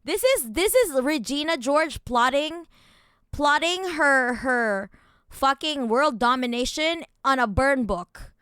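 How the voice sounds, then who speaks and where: A woman streamer reading documents aloud and ranting at them, angry and profane, shifting between low muttered reading and loud outbursts. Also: animated, slow pace, dry recording, studio quality.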